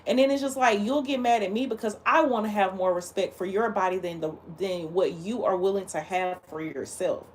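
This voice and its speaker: A woman's voice: mid-range voice, a little fast, hardly any pauses, slight background noise. A woman hosting a livestream, talking casually in a blunt, heated and emphatic way. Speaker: livestream host.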